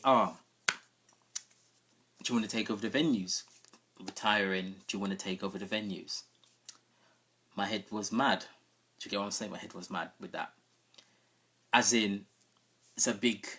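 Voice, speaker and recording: A man's voice: on the low side, fairly bright tone, breathy edge. A man who hosts a live stream, telling a long story in a casual way and often asking listeners whether they follow him. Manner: conversational, often checking in with listeners. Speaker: sound system host.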